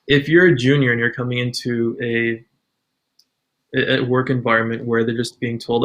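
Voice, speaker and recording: A man's voice: medium pitch, level tone, moderate pace, fairly bright tone. A man with a Canadian accent, a podcast guest giving earnest advice in casual conversation.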